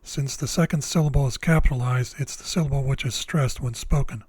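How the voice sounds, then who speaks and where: Man, scripted lesson narration, measured and deliberate, mid-pitched voice, dry close sound. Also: steady tone, a little mellow, breathy edge, dry recording. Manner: slow, deliberate, measured explanations. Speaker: Bible language teacher.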